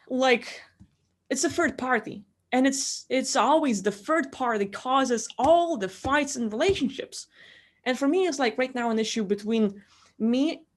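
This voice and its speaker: A young woman vlogger vents in a casual, rambling way, swearing, laughing mid-sentence and acting out what other people said. Her pitch is fairly high.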